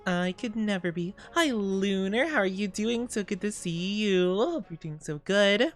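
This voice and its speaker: A woman's voice: mid-range voice, expressive, measured pace, hardly any pauses, faint music behind. A woman streaming live, chatting casually and reading chat, giggly and rambling, her voice slightly scratchy today. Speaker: VTuber streamer.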